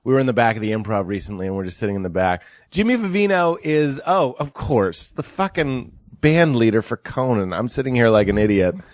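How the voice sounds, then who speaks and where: A male comedian guest chatting casually on a podcast, laughing loudly and often. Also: medium pitch, a little fast, hardly any pauses, no room sound.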